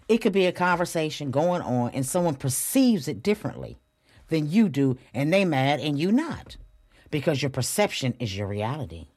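A woman's voice: sits low, no echo, clean studio sound. A woman hosting a spiritual motivational podcast, talking straight to her listeners and repeating affirmations with emphasis. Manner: addresses listeners directly and warmly as a group. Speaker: podcast host.

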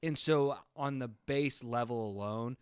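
A man's voice: mid-range voice, measured pace, clean tone, no echo, clean studio sound. A man co-hosting a podcast, talking casually about a film and ranting with casual swearing. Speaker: podcast co-host.

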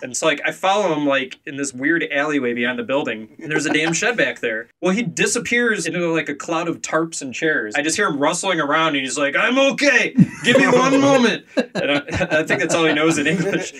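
A man in his thirties hosting a podcast with a bright, forceful voice. He tells stories in an animated way and laughs often. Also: a little high, a little fast, slight background noise. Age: 30s. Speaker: podcast host. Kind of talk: casual storytelling.

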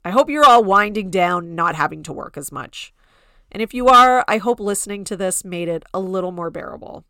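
A woman's voice: mid-range voice, animated, brisk, creaky, sharp tone, dry recording, studio quality. A woman hosting a podcast in a casual gossip style, chatty and full of "like" fillers, now and then mocking people in quoted voices. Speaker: podcast host.

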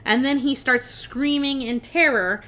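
Animated young woman recapping a film. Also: sits high, measured pace, slight background noise. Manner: animated storytelling with frequent swearing and fillers. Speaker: podcast co-host.

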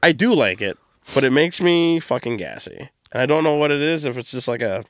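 A man's voice: medium pitch, lively intonation, fairly quick, no echo, studio quality. A man hosting a podcast in casual, crude, rambling chat, joking around and slipping into silly voices. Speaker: podcast host.

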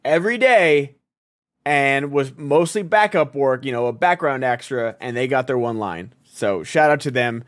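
A man co-hosting a podcast in casual chat, rambling and excited with lots of filler words. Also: mid-range voice, normal speed. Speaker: podcast co-host.

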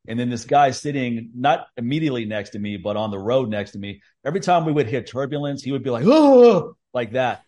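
A man hosting a podcast, telling stories in a loose, animated way, laughing often and acting out the people in them. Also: medium pitch, fast talker, few pauses. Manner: animated storyteller, laughs often, acts out voices. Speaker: podcast host. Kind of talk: casual chat, storytelling.

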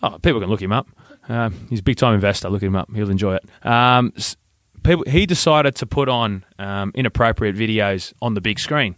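A man's voice: fairly low pitch, brisk, no room sound, clean studio sound. Man telling a story. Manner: animated, acts out voices in stories. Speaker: podcast co-host. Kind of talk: casual storytelling.

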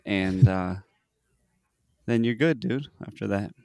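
A man's voice: lowish voice, slow pace, vocal fry, a little mellow, no room sound, clean studio sound. A man hosting a podcast, chatting casually with crude, profane jokes and a lot of "dude".

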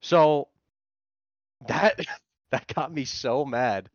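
A man in casual chat telling an excitable, profane story about a confrontation at a crosswalk. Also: medium pitch, drawn-out words, dry recording, muffled recording.

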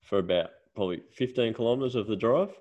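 A man's voice: lowish voice, fast, a little mellow, highs cut off. An Australian man co-hosting a podcast, telling stories in a casual, swearing way. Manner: swearing storyteller. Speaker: podcast co-host. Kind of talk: casual chat.

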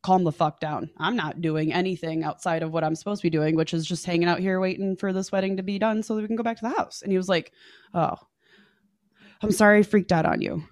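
A young woman on a podcast telling a dating story, animated and profane, acting out what people said. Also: lowish voice, quick pace, dry recording, clean studio sound. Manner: animated, swears freely, acts out quotes. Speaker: podcast guest. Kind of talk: casual storytelling chat.

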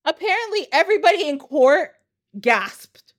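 A woman hosting a podcast, telling a story in a casual, animated way, laughing and swearing casually. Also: on the high side, a little slow. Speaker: podcast host.

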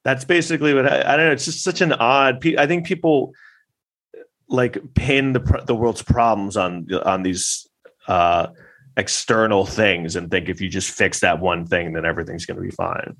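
A man's voice: fairly low pitch, fairly even intonation, normal speed, fairly bright tone. A man delivering a rambling, sarcastic, profane monologue as a podcast host. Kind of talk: casual ranting monologue.

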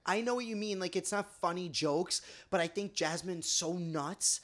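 A woman's voice: on the low side, normal speed, a bit bright. A woman co-hosting a podcast, talking with gushing enthusiasm. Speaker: podcast co-host. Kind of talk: casual chat.

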